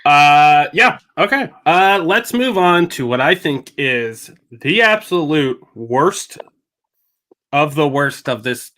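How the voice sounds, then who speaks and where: A young man with a bright, forceful voice that sits a little high, hosting a casual panel chat over a video call. He talks in a chatty way, stumbling and restarting, cracking jokes and then turning earnest when he praises a film. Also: expressive, slow. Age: young adult. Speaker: host.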